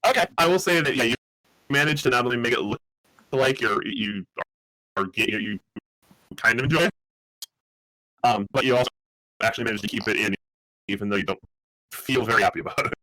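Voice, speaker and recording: A man's voice: medium pitch, fairly quick, long pauses, bright, forceful tone, no room sound, low-quality recording. A man narrating as game master in loose, rambling casual talk.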